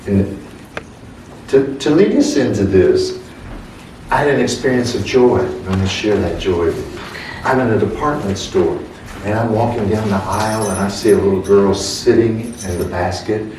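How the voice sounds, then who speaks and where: A man leading a church service, telling a story slowly and chuckling as he preaches. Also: lowish voice. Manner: slow, warm storytelling with chuckles. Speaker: minister. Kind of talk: sermon. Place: church sanctuary. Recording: echoey hall, distant mic, faint hum.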